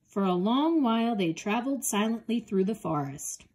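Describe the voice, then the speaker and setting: A woman reading a children's picture book aloud in a gentle, expressive way. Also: a little high, normal speed, breathy edge. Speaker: storybook reader.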